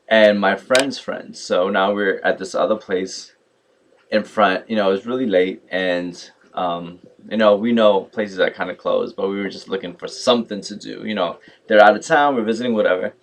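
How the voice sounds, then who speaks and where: Young guy ranting on his vlog, lowish voice, lots of likes and yo's, animated. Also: moderate pace. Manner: animated, mimics others in quotes, many fillers like "like" and "yo". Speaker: vlogger. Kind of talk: casual storytelling rant.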